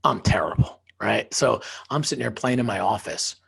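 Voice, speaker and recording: A man's voice: lowish voice, normal speed, creaky, a bit bright, breathy edge. A man who is a podcast guest and author, telling a personal story emphatically, sometimes dropping into a whisper for effect.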